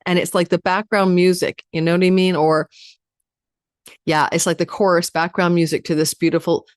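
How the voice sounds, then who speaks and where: A woman astrologer giving a chatty weekly forecast, talking fast and speaking straight to her viewers. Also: lowish voice, little pitch movement, no echo, studio quality. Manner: addresses viewers directly.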